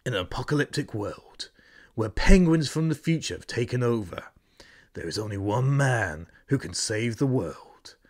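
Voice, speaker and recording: A man's voice: medium pitch, lively intonation, normal speed, close to an everyday voice. A man voicing an epic male movie trailer narrator in a whispered, dramatic delivery, as whispered role-play. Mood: ominous. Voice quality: hushed, dramatic.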